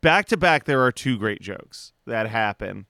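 A man's voice: mid-range voice, expressive, measured pace, sharp tone, no room sound, clean studio sound. A man co-hosting a podcast, casually and animatedly recapping an episode, swearing and acting out characters' lines. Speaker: podcast co-host.

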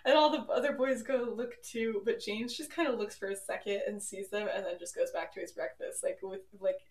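A woman's voice: medium pitch, brisk, distant mic. A young woman hosting a podcast, retelling a story in a chatty, giggly way with many fillers. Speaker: podcast host. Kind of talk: casual storytelling. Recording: roomy echo, poorly set home mic.

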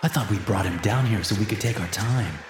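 A man's voice: brisk, roomy sound, noisy background, close to an everyday voice. A man doing a sinister young man. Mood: menacing. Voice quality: low and quiet when menacing. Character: young man turned sinister, cold and menacing.

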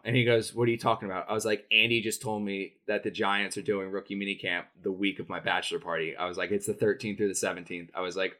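A man's voice: on the low side, steady tone, fast talker, few pauses, bright, forceful tone. A young man telling a rambling story in casual podcast chat as a sports reporter, full of fillers and restarts. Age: young adult.

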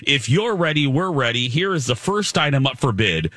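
A man's voice: mid-range voice, very animated, moderate pace, very noisy. A man hosting a morning radio talk show, bantering and running a mock game show in a playful manner.

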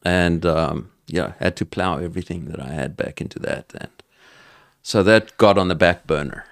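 A middle-aged South African man with a very low, gravelly voice, speaking as a podcast guest. He thinks aloud as he goes and leans on ums and restarts. The sound is close and dry. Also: normal speed, no echo. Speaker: podcast guest, entrepreneur and cattle farmer. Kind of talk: casual interview conversation.

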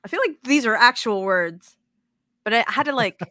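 A woman hosting a podcast in casual chat, excitable and rambling, with the odd swear. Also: on the high side, moderate pace, dry recording, studio quality. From moved to Texas as an adult. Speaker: podcast host.

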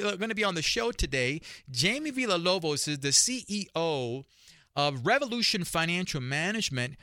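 Energetic New York man hosting a show. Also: on the high side, no room sound, studio quality. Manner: energetic, emphatic, repeats phrases. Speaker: talk show host. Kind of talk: solo podcast monologue.

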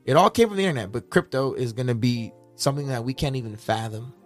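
Fast, excitable crypto co-host man. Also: medium pitch, faint music behind. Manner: excitable, jokey interjections. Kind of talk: casual chat.

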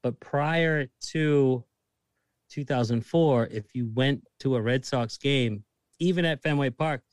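A man's voice: medium pitch, slow, smooth, no echo. A man in his thirties from Massachusetts with a Boston accent, chatting casually, laid-back and saying dude a lot. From Massachusetts, USA. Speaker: guest. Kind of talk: casual chat.

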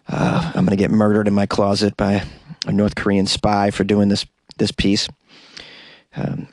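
A man's voice: fairly low pitch, no echo. A man hosting a comedy news podcast, reading stories and cutting in with sarcastic jokes, recorded in a small closet. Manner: sarcastic, joking asides. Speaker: podcast host.

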